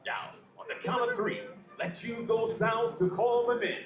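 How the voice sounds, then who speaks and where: A man hosting a live theme park pre-show, theatrical and upbeat as he warms up the crowd. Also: very high voice, moderate pace, reverberant, music in the background. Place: outdoor theme park stage.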